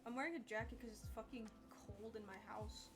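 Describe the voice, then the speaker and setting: A woman's voice: on the high side, a little fast, over music. A young woman chatting casually on a live art stream. She sounds tired and rambles candidly, swearing now and then.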